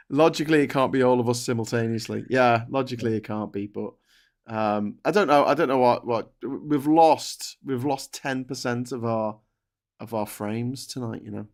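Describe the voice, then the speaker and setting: A man co-hosting a news talk stream over a video call, joking and chatty with quick asides. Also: medium pitch. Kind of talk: casual live-stream chat.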